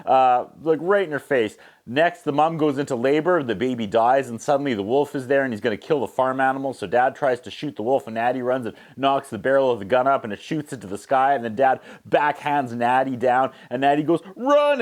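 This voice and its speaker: A man recapping a movie's plot with sarcastic asides, briefly acting out the characters in quick voices. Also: medium pitch. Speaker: movie reviewer.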